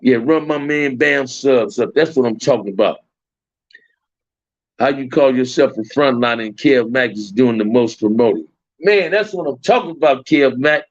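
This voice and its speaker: A man's voice: mid-range voice, moderate pace, dry recording. Slangy Los man streaming live. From Compton, Los Angeles. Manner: loose, slangy, repeats phrases. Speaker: livestream host. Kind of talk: casual livestream chat with viewers. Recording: dull, dry lo-fi stream audio.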